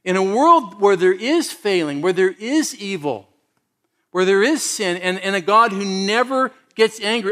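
A pastor with a high, bright voice leads a sermon. He keeps it conversational, asks his listeners questions and laughs often. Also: very animated, normal speed.

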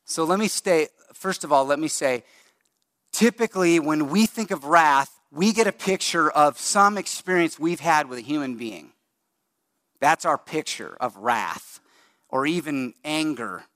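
A middle-aged male pastor preaching a sermon in a conversational, animated way, speeding up and slowing down for emphasis. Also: mid-range voice, dry recording, clean studio sound. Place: church sanctuary.

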